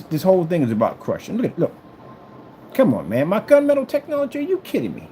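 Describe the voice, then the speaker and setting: A man taunts a rival while he shows off his own gear, and his low voice swings widely in pitch. His tone is dark and mellow, and there is a faint hum of room noise behind him. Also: fast talker. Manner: taunting and trash-talking, repeats phrases; animated swings between loud and low. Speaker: screen maker showing his product. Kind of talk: boastful product demo vlog.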